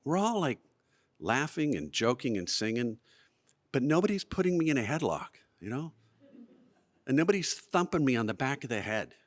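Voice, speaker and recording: A man tells a funny childhood story to a live audience in a museum event space. His voice swings widely in pitch as he builds to punchlines and sinks for the gloomy beats. The delivery is animated and well timed, the way a practiced storyteller works a room. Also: normal speed. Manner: animated, lively delivery with comic timing.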